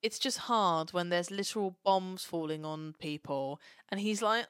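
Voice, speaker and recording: A young Englishwoman co-hosting a podcast in casual chat, animated and sweary, acting out characters as she talks. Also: fairly low pitch, normal speed, hardly any pauses, clean tone, no room sound, studio quality. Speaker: podcast co-host.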